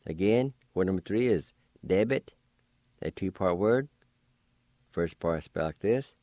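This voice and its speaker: A man hosting a radio language lesson, spelling out words letter by letter and pronouncing them slowly and patiently. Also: sits low, lively intonation, a little mellow, dry recording, studio quality. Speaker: radio host teaching a language. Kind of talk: slow spelling and pronunciation lesson.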